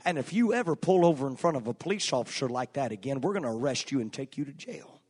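A man's voice: mid-range voice, animated, fast talker, a little mellow, breathy edge. A man doing a stern police officer. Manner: firm and warning. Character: stern male police officer giving a warning. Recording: long church hall reverb, faint music.

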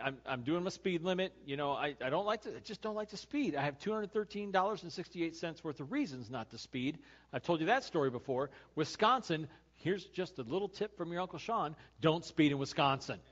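Animated man preaching on a dull recording. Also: a little high. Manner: animated storytelling, acting out his own road rage; turns quiet and earnest when making the point. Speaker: pastor. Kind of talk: conversational sermon with personal stories.

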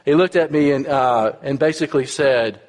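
A Texas-accented man in his fifties preaches a sermon in a conversational, storytelling style with frequent asides to the congregation. His medium-pitched voice is darkish at a moderate pace, with long hall reverb.

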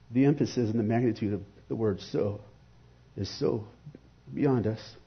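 Husky-voiced man preaching earnestly. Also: on the low side, lo-fi sound. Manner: earnest, reflective, rhetorical questions. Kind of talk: devotional sermon.

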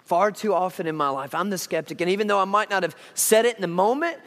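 A male pastor preaching a sermon, telling a Bible story with lively, acted-out dialogue. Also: high voice, fast, big-room sound. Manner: animated storytelling, acting out Bible characters. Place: church sanctuary.

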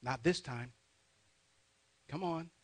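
A man preaching a sermon, calling for responses from the congregation and swelling loud and slow when he reads scripture. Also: medium pitch, no echo. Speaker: pastor.

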